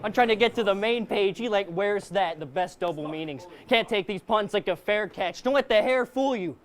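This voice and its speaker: A man's voice: high voice, normal speed. A man performing a live battle rap verse, aggressive and taunting, firing punchlines at his opponent. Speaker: battle rapper. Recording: live crowd noise around. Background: crowd.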